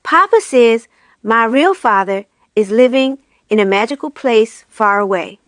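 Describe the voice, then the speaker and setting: A woman's voice: fairly high pitch, expressive, a little slow, no echo, studio quality. A woman voicing an earnest, naive grown man raised by elves, speaking sincerely in a storybook. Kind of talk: storybook reading.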